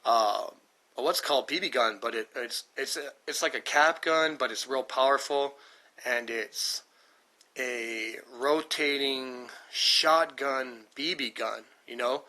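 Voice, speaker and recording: A man's voice: mid-range voice, slow pace, pushed and bright, rough recording. A man in his thirties from the United States talks to his stream in a casual, rambling monologue, swearing often and stressing his points. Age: 30s. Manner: profane, emphatic, thinking aloud. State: dry throat.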